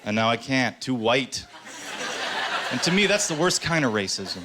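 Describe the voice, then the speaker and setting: A man doing a stand-up comedy set on stage, sarcastic with deadpan asides. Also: mid-range voice, normal speed. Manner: sarcastic, deadpan asides between acted quotes. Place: comedy stage before a live audience. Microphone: handheld stage mic. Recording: stage mic with audience noise. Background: audience laughter.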